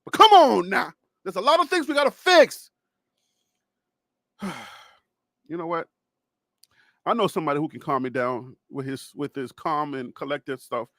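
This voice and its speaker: A man hosting a casual sports reaction talk, animated and excitable, laughing often. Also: fairly high pitch, moderate pace, pauses often, dry recording, studio quality. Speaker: host.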